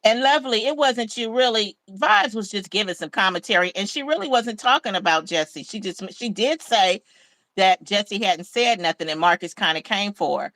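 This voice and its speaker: Middle-aged woman gossiping on a livestream, bright tense voice, dry sound. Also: medium pitch, animated, moderate pace, dry recording, low-quality recording. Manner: chatty, gossipy. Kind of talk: casual livestream chat.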